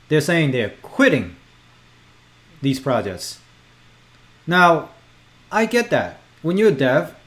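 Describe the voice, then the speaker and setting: A man giving casual, animated commentary as a crypto video host, emphatic and repetitive as he reassures viewers. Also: mid-range voice. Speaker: crypto YouTuber.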